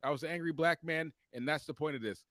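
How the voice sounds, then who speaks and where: A man with a fairly high voice tells a story as a heated, profane rant on a casual podcast. His delivery is animated and full of cussing. The sound is dry and close. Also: fast talker, no room sound. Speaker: podcast co-host.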